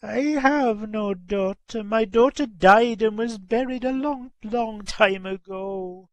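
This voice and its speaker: A man reading as an old mother, sad and doubting, in a raised high voice. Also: takes it slowly, no room sound. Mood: grieving. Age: older. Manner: sad, doubting, rising to emotional. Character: grieving old lady, mother.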